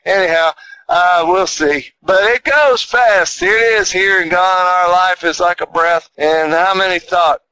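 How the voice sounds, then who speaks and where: A man's voice: high voice, measured pace, bright, forceful tone, smooth, no room sound, poor audio. An older man telling a personal story in a folksy, rambling, heartfelt way. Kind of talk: casual storytelling.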